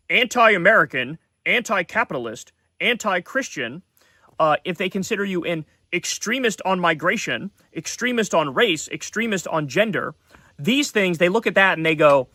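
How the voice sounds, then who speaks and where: Man, host, heated profane rant, high voice, dry close sound. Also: bright, forceful tone, no room sound. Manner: heated, profane, repetitive emphasis. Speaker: political commentary show host. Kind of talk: ranting political commentary.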